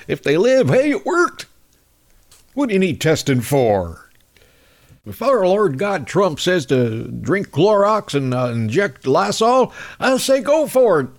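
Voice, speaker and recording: A man's voice: fairly high pitch, pitched above the performer's own voice. A man voicing a boastful, folksy male doctor with a Southern US accent and a cocksure drawl.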